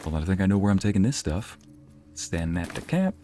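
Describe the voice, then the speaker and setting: Joking low-voiced gaming host. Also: male voice, animated, fairly quick, over music. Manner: joking, chatty, talks to chat. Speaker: let's play host. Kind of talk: casual gameplay commentary.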